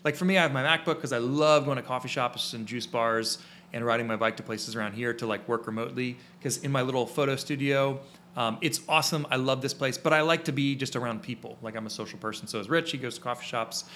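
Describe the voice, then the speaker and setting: A man co-hosts a live-streamed photography podcast in a loose, rambling way, with plenty of fillers and restarts. His voice has a bright, forward edge. A faint hum sits behind him in his small studio. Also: medium pitch, steady tone, fast. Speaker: podcast co-host and photography teacher.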